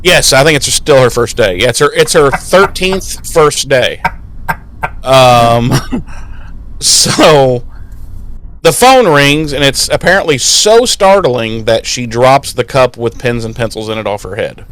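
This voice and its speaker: A man's voice: mid-range voice, expressive, slow, fairly bright tone. Sarcastic, chatty male podcast host. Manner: chatty and profane, sarcastic asides. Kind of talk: casual episode recap.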